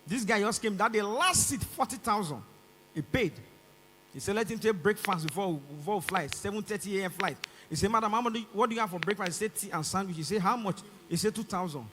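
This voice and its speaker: Nigerian man doing stand-up, bright voice. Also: sits high, expressive, quick pace, in a large hall, a little hiss or hum. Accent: Nigerian English. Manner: acts out both sides of the dialogue, rising to shouts. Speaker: stand-up comedian. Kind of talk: stand-up comedy. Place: large concert stage.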